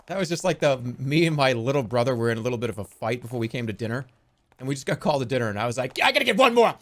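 A man live-streaming, rambling excitedly and swearing freely in casual chat. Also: medium pitch, very fast, slight background noise.

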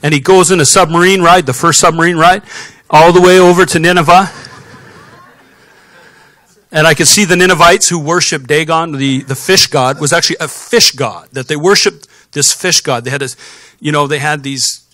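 Male pastor, fairly high voice, lively sermon storytelling, dry close sound. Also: normal speed, no room sound. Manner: animated storytelling with sound effects. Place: church sanctuary.

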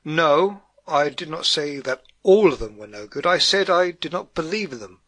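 A man's voice: on the high side, expressive, moderate pace, fairly bright tone, no echo. A man doing an earnest German housewife. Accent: put-on German. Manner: earnest, lecturing. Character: stern German housewife, middle-aged woman.

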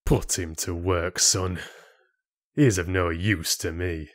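A man's voice: sits low, fairly even intonation, slow. A man voicing a harsh, greying father who is cruel and scornful toward his son. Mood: contemptuous. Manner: gruff and scornful.

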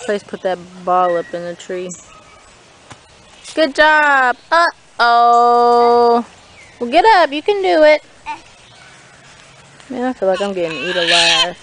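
Young mom talking to her kids in the yard, high voice, slow and sing-songy. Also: low-quality recording. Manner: animated, playful, coaxing talk to small kids. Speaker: mother and family vlogger. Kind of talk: casual family vlog with her children. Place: outdoors in a grassy backyard.

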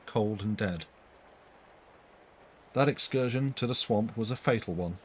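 A man with a low, unhurried voice reads a spooky tale aloud for a live stream audience. He restarts a phrase now and then to fix a slip. A faint hum of ambience sits behind him. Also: low-quality recording. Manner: reads quoted speech in a raised voice, corrects his own slips. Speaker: narrator reading a story aloud. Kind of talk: live-streamed story reading.

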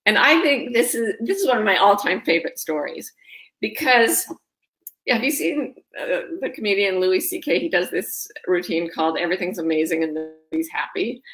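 A woman's voice: medium pitch, fairly bright tone, low-quality recording. A woman hosting a live online gathering, greeting viewers by name and telling stories in a chatty, bubbly way. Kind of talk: casual chat and storytelling.

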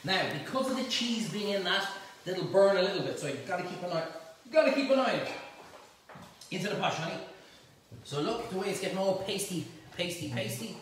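A man's voice: sits high, a little fast, fairly bright tone, heavy reverb, distant mic, a little hiss or hum, low-quality recording. A man hosting a casual cooking demonstration, chatty and jokey as he cooks and talks to his helpers in a home kitchen. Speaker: cooking show host.

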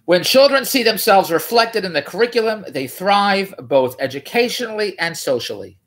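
Husky-voiced rambling man, very lively pitch. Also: a little slow. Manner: rambling, digressive, self-correcting; incredulous, mocking. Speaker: vlogger. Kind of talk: rambling comic commentary on a news article.

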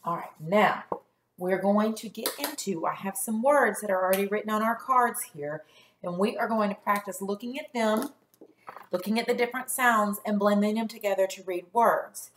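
A woman teacher leading a first grade phonics lesson, sounding out letters slowly and praising the class. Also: medium pitch, slight background noise. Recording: echoey room.

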